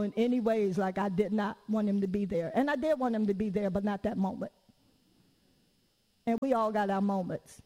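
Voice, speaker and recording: A woman preaches in a high, bright register, candid and conversational. She laughs easily and throws rhetorical questions to her listeners. Her voice rings out into a long hall reverb. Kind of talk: conversational sermon.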